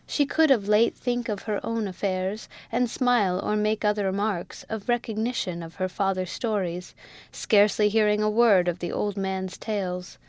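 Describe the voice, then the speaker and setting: A woman narrating a classic novel in a measured, expressive audiobook reading. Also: medium pitch, no echo. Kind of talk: scripted narration.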